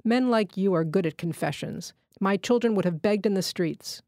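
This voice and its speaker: A woman's voice: medium pitch, normal speed, warm tone, dry recording, clean studio sound, close to an everyday voice. A woman voicing a bitter, unforgiving wounded man. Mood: scornful. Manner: hard and indignant. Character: proud wounded male electrician, bitter and unforgiving. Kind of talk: literary reading.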